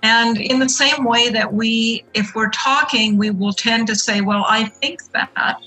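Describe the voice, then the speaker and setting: A middle-aged woman with a bright, forceful voice explains her points earnestly in an interview and leans hard on the key words. Faint music plays quietly underneath. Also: fairly high pitch, low-quality recording. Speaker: guest. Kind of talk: interview answer.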